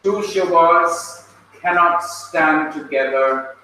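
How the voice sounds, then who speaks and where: A man teaching Hebrew speaks slowly in a slightly high, bright voice with a forceful tone. While leading the lesson he calls students by name and patiently drills their pronunciation. The recording is distant and echoey, with faint noise.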